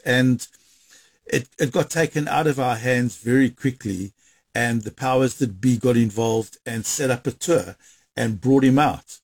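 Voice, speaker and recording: Husky guy telling an old story, quick and excited, stumbles over words, dry close sound. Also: mid-range voice, dry recording. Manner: animated, quick storytelling with repeated restarts. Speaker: interviewee. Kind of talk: storytelling interview.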